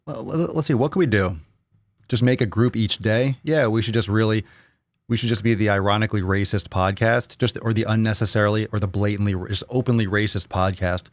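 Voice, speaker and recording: A man's voice: lowish voice, dry recording, studio quality. An American man hosting a casual live Q&A, rambling and joking with his viewers, often repeating himself. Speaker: livestream host.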